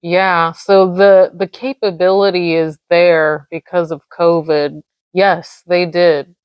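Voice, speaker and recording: A woman with a lowish voice co-hosts a podcast. She chats casually and chimes in with agreement. The sound is close and dry. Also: level tone, takes it slowly, smooth, no echo, muffled recording. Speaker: podcast co-host.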